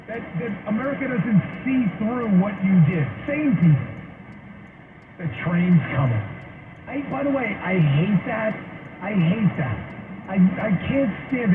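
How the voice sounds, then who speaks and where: A male talk show host delivers sarcastic political commentary in a high, swooping voice. The sound is thin and phone-like, with noise underneath. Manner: sarcastic, mocking, animated.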